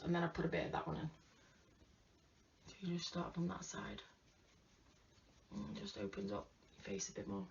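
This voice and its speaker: A woman chatting casually to viewers during a makeup tutorial, often dropping to soft murmurs. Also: on the low side, moderate pace, creaky, long pauses. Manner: chatty, talks to viewers while applying makeup, drops to murmurs. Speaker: makeup vlogger. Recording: distant lo-fi home recording with faint hiss.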